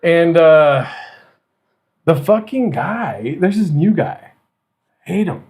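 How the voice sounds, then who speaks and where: A man's voice: a little high, animated, slow pace, darkish tone. A man hosting a podcast, chatting casually in a rowdy, joking way with lots of swearing and laughter. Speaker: podcast host. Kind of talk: casual chat.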